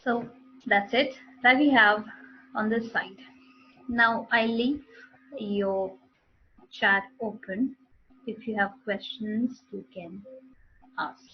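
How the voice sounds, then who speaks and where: A woman's voice: medium pitch, steady tone, slow, long pauses, breathy edge, muffled recording. A woman teaching a live online English speaking class, explaining with repeated and restarted phrases.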